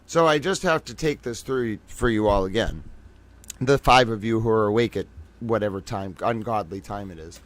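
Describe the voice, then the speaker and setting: A man hosting a late-night livestream, tired from a long day, talking in an excitable, rambling, profane way to his viewers. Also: medium pitch, no room sound. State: tired from being up all day. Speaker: livestream host.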